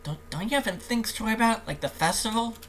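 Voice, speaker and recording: A man reading a visual novel aloud, voicing a timid, depressed teenage girl in a high, soft, shaky voice with hesitant, tearful pleading. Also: expressive, fast talker, a little hiss or hum, low-quality recording.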